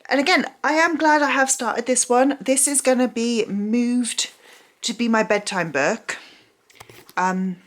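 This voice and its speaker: A woman's voice: fairly high pitch, unhurried, a bit bright. A tired young woman in casual vlog chat at home at night, rambling and self-mocking. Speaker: book vlogger.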